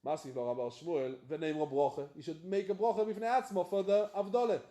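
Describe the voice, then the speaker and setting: A rabbi teaching Talmud, chanting the text and then explaining it in plain talk. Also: male voice, a little high, fairly even intonation, fairly quick, roomy sound, background noise. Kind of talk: Talmud lesson, reading and explaining.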